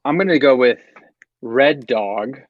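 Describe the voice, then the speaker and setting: Halting New Jersey man, dull sound. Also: mid-range voice, a little hiss or hum. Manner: loose, halting and chatty, with frequent fillers. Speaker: podcast guest. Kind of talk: casual chat.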